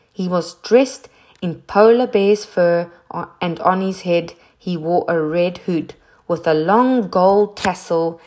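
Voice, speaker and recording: A woman narrating a children's novel in a calm, even storytelling delivery. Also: on the low side. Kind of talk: audiobook reading of a children's novel.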